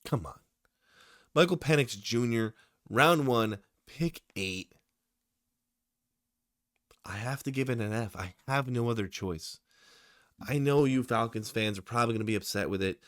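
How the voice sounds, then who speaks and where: A man with a low-ish voice gives casual, opinionated football draft commentary to his viewers. He sounds tired from the late hour but gets excitable. The sound is dry and close, with no room around it. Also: no room sound. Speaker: sports YouTuber.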